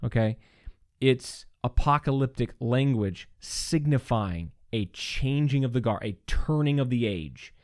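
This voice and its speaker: A man's voice: medium pitch, unhurried, no room sound, clean studio sound. A man hosting a podcast, teaching on scripture in an earnest conversational way, often restarting his sentences and checking in with "right?". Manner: earnest, animated, frequent restarts and "right?" asides.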